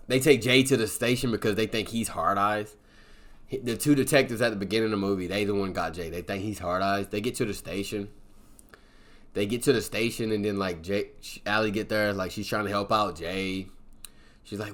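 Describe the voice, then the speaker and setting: A man with a fairly low voice talks through a film's plot in a loose, rambling way. He keeps dropping filler words as he goes, and the whole recap is offhand and casual. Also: brisk, bright, forceful tone. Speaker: movie reviewer.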